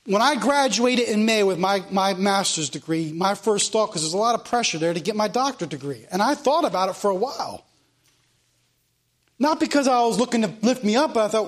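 A high-voiced man preaches a fervent sermon. He hammers phrases again and again, swinging from loud declarations to hushed ones. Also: animated, a little fast.

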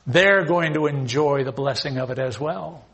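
High-voiced emphatic preacher man. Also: normal speed, a bit bright. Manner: emphatic, acts out scripture scenes. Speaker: pastor. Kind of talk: expository sermon reading scripture.

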